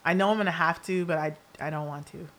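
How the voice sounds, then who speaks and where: A woman's voice: deep voice, quick pace. A woman hosting her own podcast in a casual solo monologue. She is candid and profane, laughs often, and tells stories with lots of asides. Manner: animated storyteller with asides. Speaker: podcast host.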